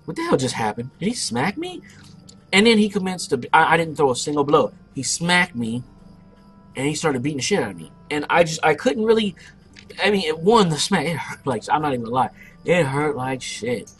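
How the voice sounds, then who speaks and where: A young man narrating his online game play, telling a loud, profane story about a fight. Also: a little high, big pitch swings, brisk, faint music behind. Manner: brash, profane, boastful storyteller. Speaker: gameplay commentator. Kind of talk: casual let's play storytelling.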